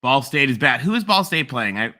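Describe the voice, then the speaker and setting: Guy hosting a football livestream, bright sound, laughs a lot, keeps restarting sentences. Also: medium pitch, sing-song, a little fast. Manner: laughs often, rambling with restarts. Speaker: livestream host. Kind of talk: casual sports chat.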